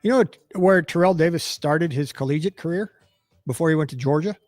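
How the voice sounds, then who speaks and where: A man's voice: a little high, no room sound. A man in his fifties hosting sports radio, chatting casually and joking with his co-hosts. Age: 50s. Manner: lively, joking, quick to laugh. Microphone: studio mic.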